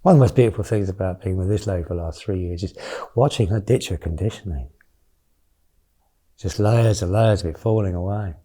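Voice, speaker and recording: A man's voice: sits low, a little fast, dark tone, husky. A man in his fifties, a mindfulness teacher giving a candid, chatty retreat talk with blunt swearing. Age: 50s.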